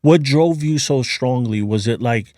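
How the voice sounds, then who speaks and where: Male podcast interviewer, casual prompting questions, mid-pitched, dry. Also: unhurried, a little mellow, dry recording.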